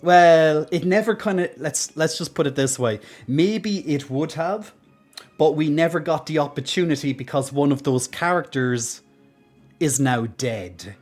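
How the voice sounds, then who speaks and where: A woman's voice: deep voice, measured pace, a little mellow, soft background music. A woman streamer chatting casually on a game livestream, giggly and rambling.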